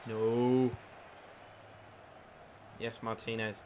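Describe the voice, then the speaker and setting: A man live-streaming a football video game, commentating his own play, reacting loudly to chances and thanking new followers. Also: mid-range voice, drawn-out words, noisy background. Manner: excitable, swears at the game, reads out followers. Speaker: gaming streamer. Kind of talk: live gameplay commentary with chat.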